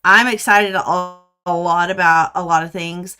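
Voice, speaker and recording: An older woman, chatting excitedly and laughing easily as host of a quilting livestream. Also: lowish voice, unhurried, clear, resonant tone. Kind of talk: casual chat to live viewers. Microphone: webcam livestream.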